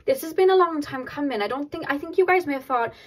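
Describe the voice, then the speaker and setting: Excitable, higher-voiced woman tarot reader. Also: quick pace, low-quality recording. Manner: excitable, laughs often, many fillers. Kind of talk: casual pick-a-card tarot reading to viewers.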